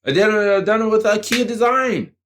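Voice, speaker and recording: A man's voice: high-pitched, brisk, fairly bright tone, slight background noise. A man giving a blunt, combative motivational rant to the camera, swearing freely as he lectures the viewer. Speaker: channel host.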